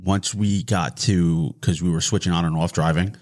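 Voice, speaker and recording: A man's voice: sits low, steady tone, normal speed, darkish tone. A man from New York, co-hosting a podcast and telling emphatic casual anecdotes. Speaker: podcast co-host. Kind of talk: casual chat.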